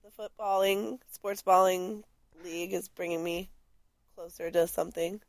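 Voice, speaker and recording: A woman's voice: lowish voice, steady tone, unhurried, no echo. A woman co-hosting a podcast in casual chat, playful and rambling with lots of fillers and laughter. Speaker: podcast co-host.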